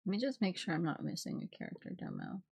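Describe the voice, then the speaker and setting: Expressive woman streamer, dry sound. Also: lowish voice, fast talker, creaky, breathy edge, no room sound. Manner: expressive, swearing, laughing often. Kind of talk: casual live reaction stream.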